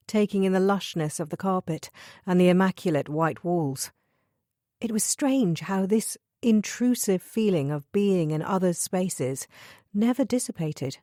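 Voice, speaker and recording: A woman narrating a thriller audiobook in a measured, even reading style. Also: on the low side, no room sound, clean studio sound. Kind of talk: scripted narration.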